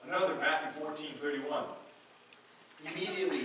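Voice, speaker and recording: A pastor preaching a sermon, reading scripture aloud and earnestly repeating key phrases. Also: male voice, medium pitch, unhurried, pauses often, pushed and bright, slight background noise. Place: church sanctuary. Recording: very echoey church hall, mic far off.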